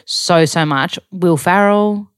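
A woman's voice: fairly low pitch, slow, clean tone, no echo, studio quality. An Australian woman in her thirties, hosting a podcast in a bubbly, giggly, chatty way. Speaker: podcast host. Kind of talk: casual chat.

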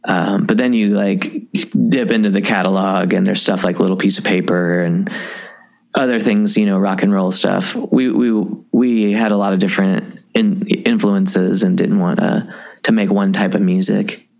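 A man's voice: low-pitched, fairly even intonation, moderate pace, vocal fry, darkish tone. A man in his thirties from Kentucky, a musician talking casually and rambling with lots of fillers. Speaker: musician guest. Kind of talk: casual conversation.

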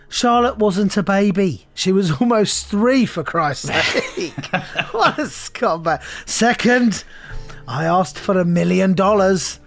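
A man's voice: high-pitched, full character voice. A man doing a blustering, arrogant detective. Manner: boastful, sneering, blustering. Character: arrogant greedy male private detective.

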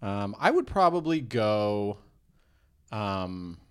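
A man's voice: lowish voice, sing-song, slow pace, fairly bright tone, clean tone. A young man in casual comedic podcast chat, joking and riffing into bits.

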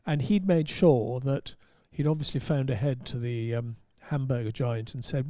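A man's voice: medium pitch, lively intonation, moderate pace, few pauses, dark tone, dry recording, studio quality. An English man, a motorsport journalist, telling wry, rambling anecdotes with restarts in casual podcast talk. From England.

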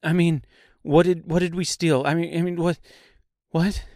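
A man's voice: on the high side, steady tone, normal speed, darkish tone, no room sound, studio quality, voice pushed up, close to an everyday voice. A man voicing a frightened young woman who stammers and repeats her words in an audiobook story. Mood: panicked stammer.

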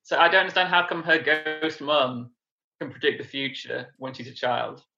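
A man joking wryly on a film podcast, his voice fairly high with a bright, forceful edge. A gravelly rasp runs through his voice. His mic sounds dull and lo-fi. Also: steady tone, normal speed, faint music behind. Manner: wry, joking. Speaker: podcast co-host. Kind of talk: casual film chat.

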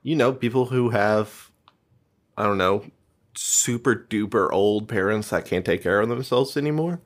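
A man co-hosting a podcast, cutting in with deadpan jokes and short quips. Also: fairly low pitch, moderate pace. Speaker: podcast co-host. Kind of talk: casual chat.

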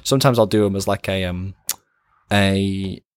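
A man co-hosting a podcast as game master, telling animated stories in casual chat and acting out quotes. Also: low voice, moderate pace, clean tone, no room sound, studio quality. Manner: animated storytelling, acts out quotes.

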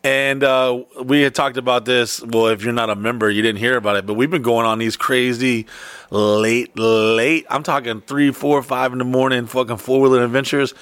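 A man's voice: medium pitch, fairly even intonation, normal speed, a bit bright, clear, resonant tone, no echo. A man from Florida co-hosting a casual podcast, joking around and swearing a lot. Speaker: podcast co-host.

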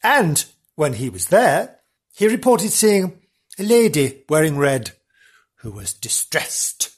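A man hosts a podcast and tells the story with theatrical gusto, piling on exclamations and jokes. His voice sits fairly high and swoops widely, with a slightly husky edge. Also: very animated, takes it slowly. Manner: theatrical and gushing, with big exclamations and self-aware jokes. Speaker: podcast host. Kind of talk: chatty comic storytelling.

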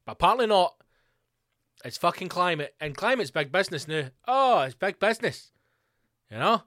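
A man's voice: sits high, animated, moderate pace, fairly bright tone, no echo, studio quality. A man with a Glasgow accent hosting a podcast, ranting solo in a sweary, sarcastic, rambling way. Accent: Scottish, Glasgow. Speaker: podcast host.

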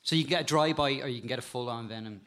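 A man with an animated way of telling stories, a guest talking casually about insects and spiders and laughing at times. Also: medium pitch, rapid-fire. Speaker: guest, insect and frog expert. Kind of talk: casual storytelling chat.

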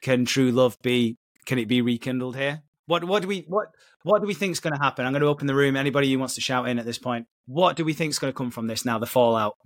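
A man hosting a casual podcast chat, animated, laughing and swearing freely. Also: mid-range voice, quick pace, no room sound. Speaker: podcast host. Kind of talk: casual chat recapping a soap episode.

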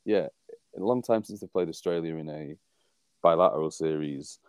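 Deep, dark-voiced Englishman chatting wryly. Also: moderate pace, smooth, no echo. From England. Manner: rambling, wry, laughs at his own jokes. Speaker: podcast co-host. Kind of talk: casual sports chat.

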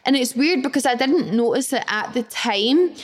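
A Scottish woman talks alone on her podcast in a fairly high voice. She is frank and self-mocking, acts out her own anxious thoughts, swears casually and fills her sentences with "like". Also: expressive, normal speed. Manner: swears casually, says "like" often. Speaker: podcast host. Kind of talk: solo casual chat.

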